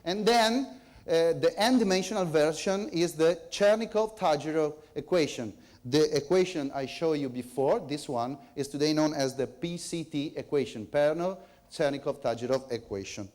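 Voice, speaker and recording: A man giving an academic conference lecture, speaking haltingly and hesitantly. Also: fairly high pitch, darkish tone. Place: lecture hall.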